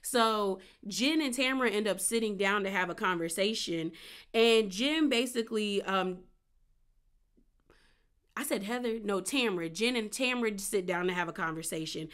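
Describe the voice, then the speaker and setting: A woman with a medium-pitched, fairly bright, smooth voice recaps a reality show at a moderate pace. She's chatty, sassy and playful, acting out the quotes with gasps and laughs.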